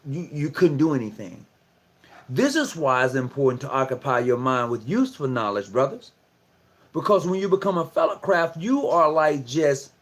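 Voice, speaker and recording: Man lecturing fellow lodge brothers. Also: a little high. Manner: conversational and preachy, repeats phrases, asks rhetorical questions. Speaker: lodge speaker addressing fellow Masons. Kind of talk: casual lecture, livestream talk.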